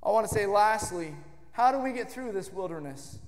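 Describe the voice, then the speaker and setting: A man preaching a sermon in a church, with an emphatic cadence that swells into shouts. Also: high-pitched, animated, normal speed. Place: church sanctuary. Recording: long reverb of a church hall.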